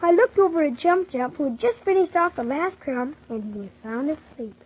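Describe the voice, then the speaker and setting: A woman's voice: high voice, animated, moderate pace. A woman voicing a polite, earnest young orphan boy who narrates his own story. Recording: dull lo-fi old recording.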